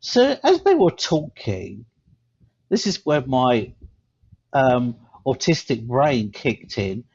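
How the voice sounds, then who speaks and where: A man co-hosting a podcast, telling rambling stories in a casual chat that grow animated. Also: mid-range voice, takes it slowly, gravelly, slightly rough. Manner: rambling storyteller, animated when telling a story. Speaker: podcast co-host. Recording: slightly dull lo-fi sound.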